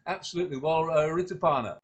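A man's voice: fairly high pitch, quick pace, husky. A man leading a panel on storytelling, explaining methods and handing the turn to each guest in an encouraging, conversational way. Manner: encouraging, conversational, hands turns to others. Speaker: discussion host, storyteller.

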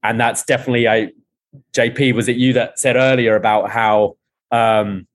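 A man hosting a podcast, retelling a TV episode scene by scene and quoting the characters' lines in a lively way. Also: mid-range voice, moderate pace. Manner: animated retelling with quoted lines. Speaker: podcast host recapping a TV episode. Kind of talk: casual recap, reading out scene dialogue.

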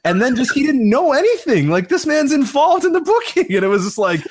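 A man co-hosting a podcast, telling stories in an animated way, laughing often and acting out quotes in casual chat. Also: sits high, normal speed, background noise. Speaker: podcast co-host.

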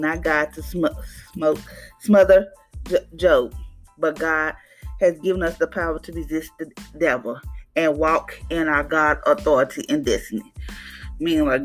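A woman hosting a podcast devotional, teaching in a casual, conversational way and acting out little voices. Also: low-pitched. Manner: conversational, preachy, acts out voices with laughs.

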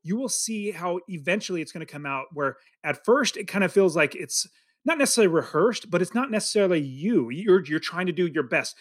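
Hyper podcast host guy, kinda high voice, dry sound. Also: a little fast, no echo. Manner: energetic, chatty. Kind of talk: casual podcast conversation.

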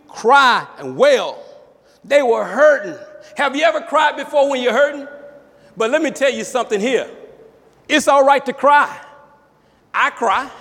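High-voiced preacher man in a reverberant hall. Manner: emphatic preaching with call-outs and rising shouts. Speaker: pastor. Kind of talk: sermon.

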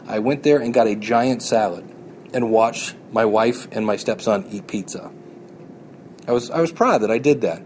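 A man's voice: mid-range voice, darkish tone, slight background noise. A man hosting a podcast, talking earnestly and encouragingly in a motivational monologue, often repeating his points. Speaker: podcast host.

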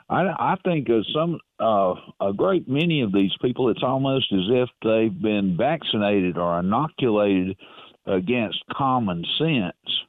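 A man calling in to a radio show, speaking haltingly with many pauses and fillers. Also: fairly low pitch, dry recording. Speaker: caller. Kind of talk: call-in radio comment. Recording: tinny phone line.

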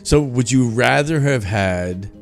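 A man's voice: medium pitch, animated, slow pace, vocal fry, soft background music. A middle-aged man co-hosting a casual podcast chat, playfully teasing and probing with questions. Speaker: podcast co-host.

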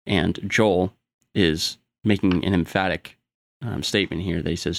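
Casting: deep, gravelly male voice, dry close sound, patient scripture teacher. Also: moderate pace, no echo. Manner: steady teaching tone with filler ums. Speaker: Bible study co-host. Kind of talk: explaining scripture.

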